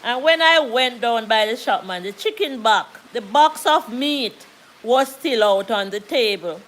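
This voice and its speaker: A woman with a Jamaican accent telling a story casually on a live stream, unhurried and repeating phrases for emphasis. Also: fairly high pitch, lively intonation, a bit bright, low-quality recording.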